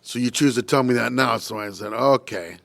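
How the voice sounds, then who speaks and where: A man's voice: mid-range voice, normal speed, creaky, a bit bright, no room sound. An older man, a guest musician, telling a story in a podcast interview and acting out the voices of people he quotes.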